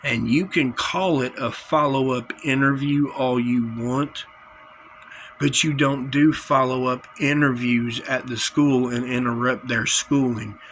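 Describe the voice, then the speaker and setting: A man's voice: mid-range voice, steady tone, measured pace, fairly bright tone, slight background noise, low-quality recording. A man delivering an angry, confrontational vlog rant, full of threats and repetition. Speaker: vlogger. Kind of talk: angry direct-to-camera rant.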